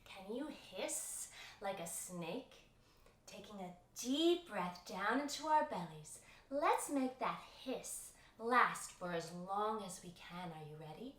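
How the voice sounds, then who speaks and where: A woman's voice: medium pitch, animated, slow, slight background noise. A woman leading a guided yoga lesson for kids, encouraging and playful as she coaxes them along. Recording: roomy echo from a distant mic with soft music.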